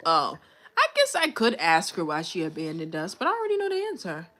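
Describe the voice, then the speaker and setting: A woman's voice: on the low side, huge pitch swings, a little fast, a bit bright. A young woman livestreaming, telling a personal story in a candid, slangy, venting way to her chat. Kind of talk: casual live-stream storytelling.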